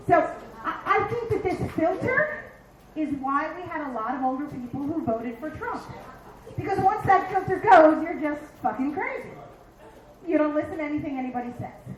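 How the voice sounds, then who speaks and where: Comic, woman, 50s, from Philly: very high voice, brash and profane, echoey bar stage. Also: animated, moderate pace, a little hiss or hum. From Philadelphia. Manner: brash, profane, punchy delivery with acted-out asides. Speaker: stand-up comedian. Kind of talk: stand-up comedy set.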